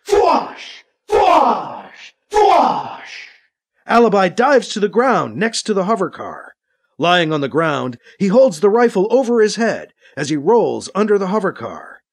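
Animated male audiobook narrator. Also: high-pitched, moderate pace. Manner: animated, with voiced sound effects.

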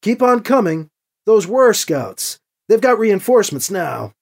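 Brief: narrator putting on a no-nonsense woman in charge, a bit higher and louder, clipped and brisk. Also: very animated. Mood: commanding.

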